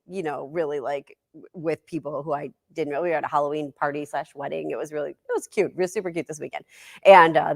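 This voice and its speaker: A woman's voice: low-pitched, gravelly, no room sound, clean studio sound. A young woman co-hosting a morning TV show, chatting casually and laughing often. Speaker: morning TV co-host. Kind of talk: casual studio chat. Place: TV studio.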